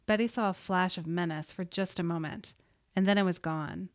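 A woman reading a story aloud in a steady, suspenseful voice. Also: on the low side, normal speed, dry recording, clean studio sound. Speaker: audiobook narrator. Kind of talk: scripted narration.

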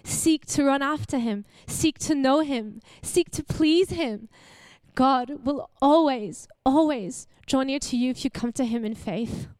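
A young Australian woman preaching a sermon in a lively, conversational way, asking her listeners questions and laughing easily. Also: sits high, unhurried, no room sound. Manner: warm, animated, laughs often, asks the audience questions.

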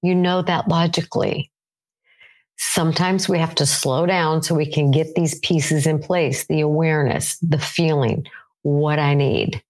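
Low-pitched middle-aged woman, earnest coach, self-questioning teaching talk. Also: fairly even intonation, measured pace. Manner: earnest, asks herself questions aloud.

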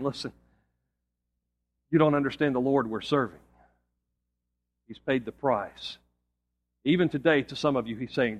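A pastor preaching a sermon and telling an illustration story in an earnest manner, often dropping low and quiet for emphasis. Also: male voice, unhurried, long pauses.

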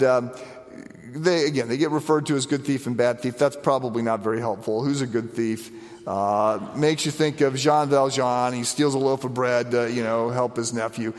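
Animated preacher in a reverberant hall. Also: male voice, fairly high pitch. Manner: conversational, animated, frequent restarts. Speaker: pastor. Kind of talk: sermon on the stations of the cross.

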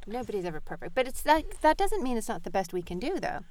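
A woman's voice: a little high, sing-song, quick pace, darkish tone, no echo. Woman, podcast host, rambling chatty mother, dry close sound. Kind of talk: casual chat with her child.

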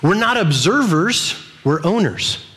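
A man's voice: high-pitched, slow pace. A man in his thirties preaching a sermon at a church service, joking and acting out little voices. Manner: animated, jokey, acts out little voices. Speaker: pastor. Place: church service with a live audience.

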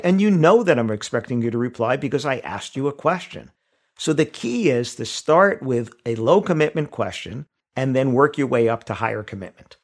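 A man at a mid-range pitch teaches wedding vendors how to reply to inquiries. He talks in a conversational way, walking through everyday examples and little asides as he explains each point. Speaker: wedding sales trainer. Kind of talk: instructional talk.

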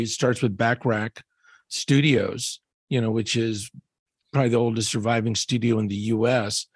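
A man co-hosting a podcast, speaking in relaxed, halting casual conversation with many fillers. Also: mid-range voice, husky, no echo, studio quality. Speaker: podcast co-host.

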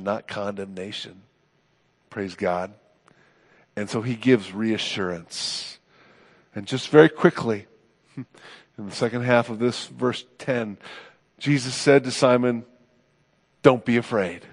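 A man preaching a sermon as a pastor, earnest and emphatic, his phrases often rising and then trailing off softly. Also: medium pitch, vocal fry, in a large hall.

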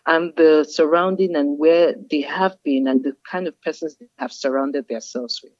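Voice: medium pitch, moderate pace, a little mellow, no room sound. A guest speaker in an interview, explaining in a patient, teacherly way and repeating key phrases. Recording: dull, dry lo-fi sound.

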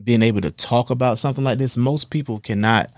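In a podcast studio under lights, a male host with a medium-pitched voice talks quickly. He reassures and encourages his guest in a supportive interview, using lots of fillers.

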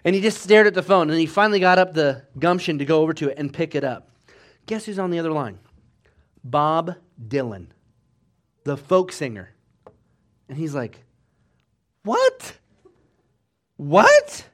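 A man delivers a sermon with a fairly high voice and an animated, swinging delivery. He acts out the quotes in his story, moving between loud, urgent bursts and hushed passages. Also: moderate pace, pauses often. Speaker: preacher.

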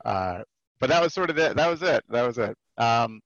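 A man's voice: mid-range voice, moderate pace, no echo, dull audio. A man in his thirties, a podcast guest, telling a casual story with lots of filler words and frequent laughs. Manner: animated, laughs often, many filler words. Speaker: podcast guest, comic creator.

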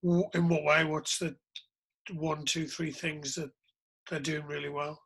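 A man's voice: fairly high pitch, level tone, unhurried, gravelly, a bit bright, slightly rough. A man hosting a casual interview podcast, joking and self-deprecating as he asks questions. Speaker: podcast host.

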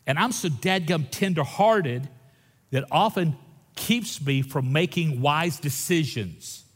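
A man preaching a sermon as a pastor, folksy and animated, moving between loud stretches and hushed ones. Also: a little high, slow. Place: church sanctuary. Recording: long reverb in a large hall.

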